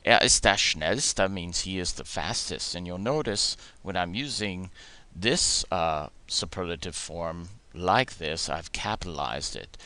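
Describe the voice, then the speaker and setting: A man teaching German grammar in a recorded lesson, methodically explaining forms and slowing down to model the German words. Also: low voice, bright, forceful tone.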